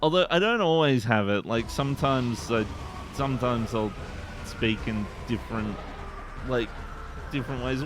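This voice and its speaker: A man's voice: mid-range voice, normal speed, noisy background. A man with an Eastern Australian accent, chatting casually on a game stream in a rambling, laid-back way and laughing often. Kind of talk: casual live-stream chat.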